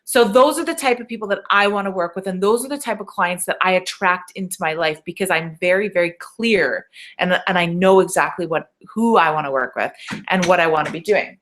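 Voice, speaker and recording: A woman's voice: lowish voice, brisk, a bit bright. A woman business coach leading a live webinar training, speaking in a motivational way, asking rhetorical questions and often checking in with "okay?".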